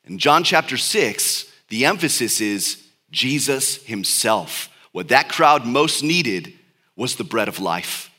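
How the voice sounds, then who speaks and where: Bright-voiced man preaching a sermon. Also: mid-range voice, breathy edge. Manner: reads scripture aloud slowly, then explains in lively speech.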